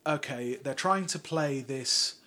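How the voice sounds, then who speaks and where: A man co-hosting a podcast in casual chat, animated and sardonic, talking in long run-on sentences. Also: mid-range voice, slow pace. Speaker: podcast co-host.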